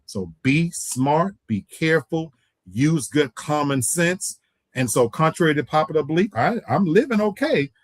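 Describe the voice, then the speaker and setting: A man's voice: on the high side, sing-song, moderate pace, dry recording. A man on a casual talk show giving earnest, practical advice to listeners. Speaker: co-host.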